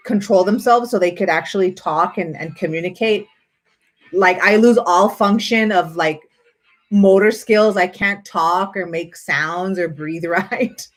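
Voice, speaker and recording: A woman in her thirties chatting casually to viewers on a live stream, rambling with lots of fillers. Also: lowish voice.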